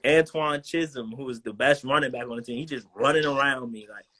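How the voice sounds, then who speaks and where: A young man, a former college football player, talks over a video call in loose, slangy storytelling and acts out the voices of the people in his stories. His voice is a little husky and sits at a middle pitch. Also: brisk, pushed and bright. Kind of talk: casual storytelling interview.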